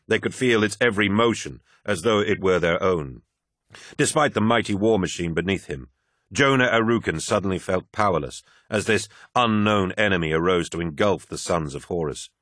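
A man with a very deep voice reads an audiobook in a steady, dramatic way. His tone is forceful and the recording is dry and close, with no room sound. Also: dry recording. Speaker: audiobook narrator. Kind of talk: scripted audiobook narration.

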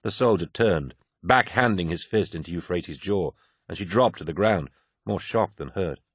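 A man narrating a science-fiction audiobook in a steady, measured way. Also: low-pitched, husky, no echo, clean studio sound. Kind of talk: scripted narration.

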